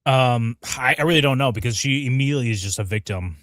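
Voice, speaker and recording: A man's voice: medium pitch, fast talker, a bit bright, no echo. Sarcastic guy on a review stream, slangy, mocks characters with fake quotes, dry mic. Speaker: podcast co-host. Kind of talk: casual livestream review chat.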